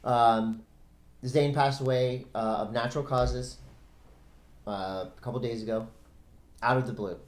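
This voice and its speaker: A man's voice: medium pitch, fairly even intonation, unhurried, pauses often. A middle-aged man co-hosting a casual podcast, loose and rambling, laughing often. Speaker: podcast co-host. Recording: roomy echo.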